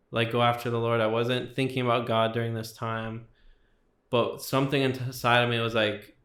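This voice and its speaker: A man's voice: medium pitch, fairly bright tone, echoey room. A young man sharing his personal testimony as a guest, talking casually with lots of fillers. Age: young adult. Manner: casual, filler-heavy storytelling with many likes.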